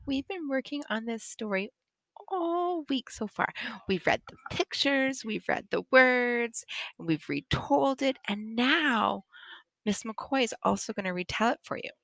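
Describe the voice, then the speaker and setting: A woman teacher retelling a picture book to children, animated and expressive, with frequent laughs. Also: on the high side, measured pace, gravelly, dry recording.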